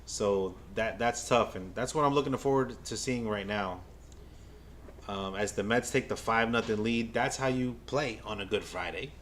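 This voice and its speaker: Excitable man calling the game for chat. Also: on the low side, normal speed, a little hiss or hum. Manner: excitable, stammering, talks to the chat. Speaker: fan livestreamer doing play-by-play. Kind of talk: casual live game watch-along commentary.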